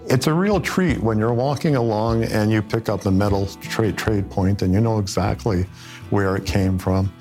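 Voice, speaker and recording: Lowish man recalling finds, halting. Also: a little mellow. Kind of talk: interview recollection.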